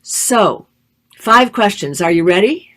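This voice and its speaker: A woman's voice: mid-range voice, lively intonation, slow, a bit bright. A woman hosting an online live show, upbeat and chatty with many ums and uhs. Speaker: host.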